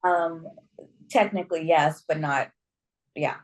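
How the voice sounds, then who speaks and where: A woman's voice: deep voice, slow. A woman taking part as the client in a reading session over a video call. She gives short answers and laughs between them. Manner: brief, laughing replies. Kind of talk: casual chat in a reading session.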